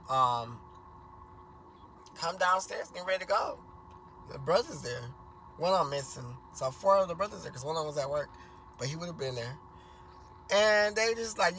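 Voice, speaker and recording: Over a bit of hiss or hum in a low-quality recording, a man tells a family story in a loose, rambling way with crude language and plenty of fillers and restarts. He voices the quoted people louder and at a higher pitch.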